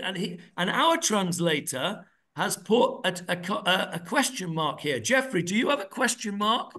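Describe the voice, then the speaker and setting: Male Bible teacher, high bright voice, reads verses aloud and quizzes the class, hesitant with fillers. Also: big pitch swings, moderate pace, hardly any pauses. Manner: hesitant, searching for words with many fillers. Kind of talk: interactive text study.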